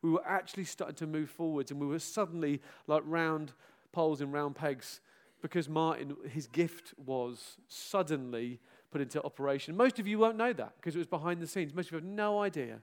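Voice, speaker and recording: A middle-aged pastor delivers an animated, self-mocking farewell address to his church, bursting into loud exclamations and laughter. His voice is on the high side, a little fast, with few pauses.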